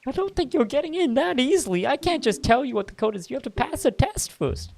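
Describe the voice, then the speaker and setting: A man's voice: very high voice, expressive, fairly quick, gravelly, darkish tone, pitched above the performer's own voice, exaggerated voice. A man voicing a cocky young kid from a gang, speaking in a teasing, boastful way.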